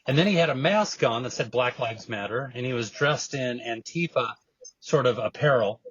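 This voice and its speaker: An earnest, emphatic man answering an interview question as a storyteller. His voice is husky, the sound is dry and close, and the audio is slightly dull and lo-fi. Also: medium pitch, lively intonation, normal speed, fairly bright tone, no room sound. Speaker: guest, evangelist and film producer.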